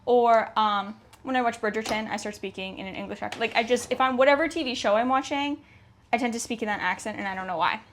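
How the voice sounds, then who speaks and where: A young woman from Canada talks through her sewing project in a loose, chatty way, narrating each step to her viewers. Her voice sits a little high, and a faint hum of room noise stays behind her. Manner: chatty, self-talking while working, quick exclamations. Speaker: sewing vlogger. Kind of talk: casual sew-along chat.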